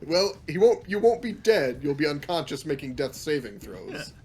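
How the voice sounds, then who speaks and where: A man with a fairly high voice serves as game master for a tabletop game, narrating unhurriedly. He sounds relaxed and laughs often as he rules on rolls.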